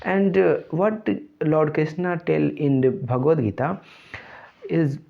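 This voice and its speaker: A young man with an Indian English accent giving a reflective spoken monologue, halting and earnest as he searches for words. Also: a little high, gravelly. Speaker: channel host. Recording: dull lo-fi recording.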